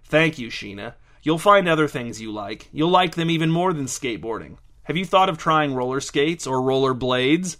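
A man's voice: on the high side, expressive, moderate pace, few pauses, a bit bright. A man reading a story, voicing an anxious boyfriend who pleads desperately. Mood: relieved. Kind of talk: audiobook reading.

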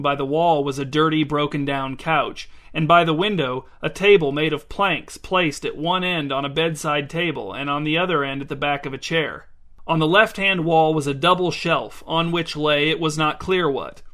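A man reading literary short stories aloud in a measured, deliberate way. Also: fairly high pitch, sharp tone. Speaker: reader.

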